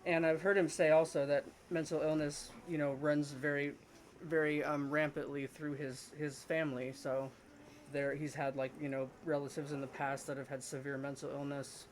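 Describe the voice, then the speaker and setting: Man, casual chat, slightly high voice, rambling with fillers, faint background hiss. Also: little pitch movement, moderate pace. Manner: rambling, many fillers and restarts. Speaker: podcast co-host.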